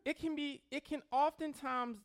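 A man's voice: very high-pitched, fairly even intonation, normal speed, fairly bright tone. A man preaching a sermon as pastor, joking with the congregation and mimicking people in a loose, conversational way.

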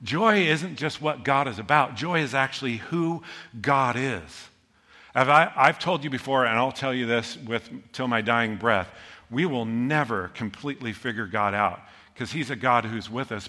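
Middle-aged guy preaching, bright voice, big hall echo, jokey storyteller. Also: mid-range voice, measured pace. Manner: storytelling, animated, self-deprecating humor. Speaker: pastor. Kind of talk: sermon. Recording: long hall reverb.

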